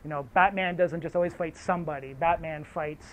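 High-voiced, slangy male lecturer. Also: fairly quick, slight background noise. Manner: animated, slangy, profane, digressive. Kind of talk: casual storytelling lecture. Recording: tinny phone-like audio.

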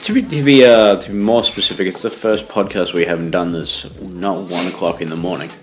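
A man's voice: low voice, fairly quick, a little hiss or hum. A young man co-hosting a podcast in casual chat, making dry, crude jokes. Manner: dry, crude joking, animated. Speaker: podcast co-host.

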